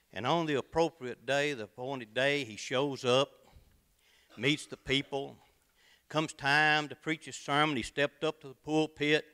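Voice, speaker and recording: A man's voice: medium pitch, clear, resonant tone. A man from Tennessee, telling a comic tall tale to an audience in a folksy, dramatic manner. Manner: folksy, dramatic, shifts between loud and quiet. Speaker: contestant storyteller.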